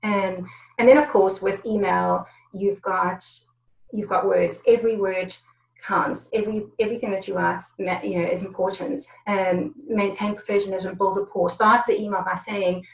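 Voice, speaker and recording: A woman's voice: mid-range voice, steady tone, vocal fry. Lady doing a work webinar, keeps restarting her sentences, echoey room sound. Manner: halting, restarts and repeats words often. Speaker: negotiation trainer presenting a webinar. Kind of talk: conversational presentation. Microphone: video conference setup. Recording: roomy echo.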